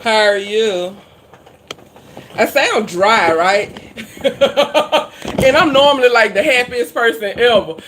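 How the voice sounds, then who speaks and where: A woman talks to her live-stream viewers in an easy, chatty way. Her speech is folksy and full of Southern slang. She sounds relaxed and conversational. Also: on the high side, takes it slowly, long pauses, slight background noise. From Louisiana. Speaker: cooking channel host.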